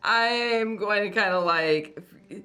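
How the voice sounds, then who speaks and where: A woman's voice: medium pitch, takes it slowly, bright, forceful tone. A woman playing a tabletop role-playing game, eager and laughing, often restarting her sentences. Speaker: player.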